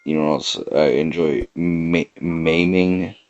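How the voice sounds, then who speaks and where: A man hosting a podcast, delivering a rambling deadpan comedy monologue full of fillers and hesitations. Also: deep voice, measured pace, muffled recording. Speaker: podcast host.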